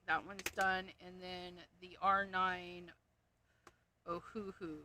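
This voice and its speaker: Woman, crafting livestream host, slow unhurried talk, bright edge, muttering to herself. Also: fairly low pitch, flat delivery, slight background noise. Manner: muttering, reading off codes to herself; amused at her own jokes. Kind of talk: casual livestream chat while sorting markers.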